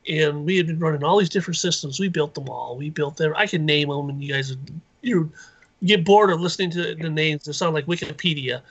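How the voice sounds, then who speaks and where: A man telling a rambling, excited story as a guest on a live call-in show. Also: a little high, fairly quick, breathy edge, highs cut off. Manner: rambling, excited, acts out quoted voices. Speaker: inventor and guest.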